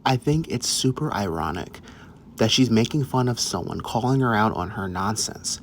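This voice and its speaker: A man's voice: on the low side, expressive, normal speed. A man hosting a reaction video, bluntly scolding the person in the clip and speaking directly to his viewers. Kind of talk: commentary on a clip.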